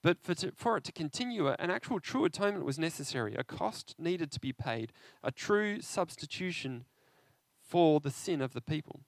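A man preaching an interactive sermon, animated and conversational, often asking his listeners questions. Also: on the high side, normal speed, creaky, no echo.

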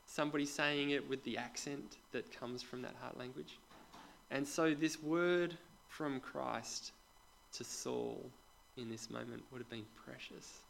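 A man of middle pitch delivers a sermon in a church, talking to the congregation like a conversation. He puts questions straight to the people listening and often drops into soft, quiet asides. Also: measured pace, vocal fry, slight background noise, rough recording. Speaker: preacher.

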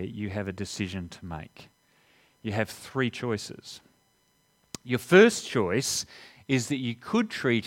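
A man preaching a sermon, telling a story with emphatic pauses as he goes. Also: mid-range voice, fairly bright tone. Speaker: pastor.

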